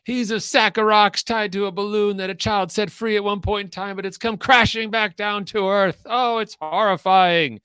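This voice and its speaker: A man voicing an overexcited male cycling TV commentator with shrill, melodramatic exclamations, a little back from the mic. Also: fairly even intonation, normal speed, hardly any pauses, pushed and bright, smooth, dry recording.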